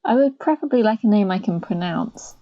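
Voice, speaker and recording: A woman's voice: mid-range voice, animated, brisk, lo-fi sound. Woman drawing and chatting, voice bounces up and down, laughs nervously. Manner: laughing, a bit self-conscious. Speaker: guest artist. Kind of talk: casual chat while drawing.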